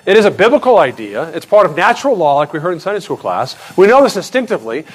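A middle-aged pastor giving a sermon in a loose, conversational way, full of restarts and asides, jumping sharply higher in pitch when he stresses a point. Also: big pitch swings, fast, breathy edge, rough recording.

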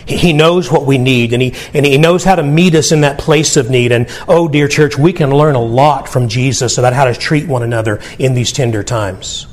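A man's voice: medium pitch, moderate pace, hardly any pauses. A man preaching a sermon to his church, earnest and emphatic, with a conversational delivery and frequent restarts. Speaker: pastor.

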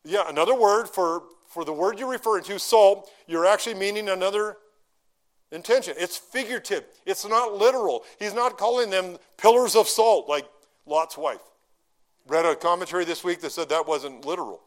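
A middle-aged pastor with a high voice delivers a sermon in a relaxed, conversational teaching style. He puts questions to the congregation and draws out key phrases slowly for emphasis. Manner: slows down to stress key phrases.

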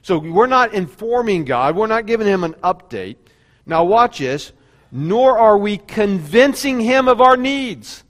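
A man's voice: high-pitched, sing-song, a little slow, in a large hall. A male pastor giving a sermon in a conversational preaching style, now and then acting out quoted prayers. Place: church sanctuary.

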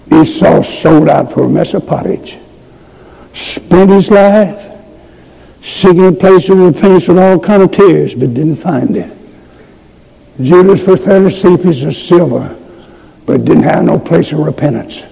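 An older man preaching a revival sermon and altar call, impassioned, moving from hushed storytelling to shouted pleas, with a raspy voice. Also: a little high, measured pace, low-quality recording.

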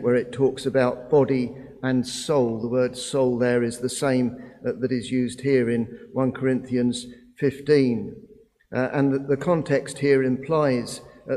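A man preaching a sermon at an unhurried, measured pace, with a middle-pitched voice. He pauses often with "uh" between phrases. The voice carries a long, hall-like reverb. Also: flat delivery, mellow. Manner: slow, deliberate delivery with frequent "uh" pauses.

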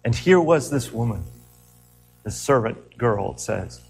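A man's voice: mid-range voice, measured pace, gravelly, slightly rough, soft background music. Earnest preacher man in a reverberant hall. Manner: earnest, rhetorical questions, animated retelling. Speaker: pastor. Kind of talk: sermon.

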